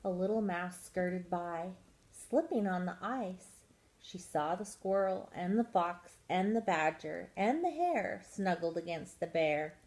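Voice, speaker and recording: A woman reading a children's picture book aloud at storytime, expressive and drawing out soft words. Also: on the low side, slow, rough recording. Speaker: storytime reader.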